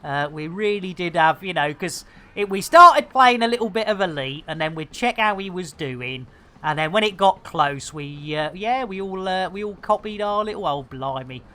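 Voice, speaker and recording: A woman's voice: lowish voice, animated, normal speed, pushed and bright. A middle-aged British woman streaming a game, chatting with viewers in jokey, slangy banter. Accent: British English. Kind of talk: casual live commentary while playing.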